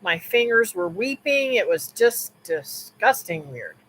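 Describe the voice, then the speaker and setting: A woman's voice: mid-range voice, very animated, measured pace, fairly bright tone, a little hiss or hum, rough recording. Rambling woman telling a story on a live stream. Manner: rambling, with restarts and asides to viewers; mixes in religious remarks.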